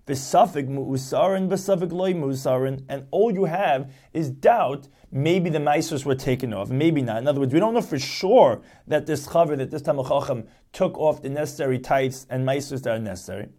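Male teacher, fairly high voice with a mellow tone, methodical lecture delivery, restates each point. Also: lively intonation, moderate pace, hardly any pauses. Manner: explains step by step, rephrasing each point. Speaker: Talmud teacher. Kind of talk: lecture explaining a text.

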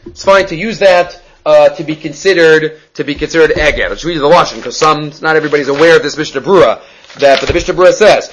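A man giving a Talmud class, explaining quickly and with energy, mixing in Hebrew and Aramaic terms. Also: fairly high pitch, fairly bright tone, poor audio. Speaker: Talmud teacher.

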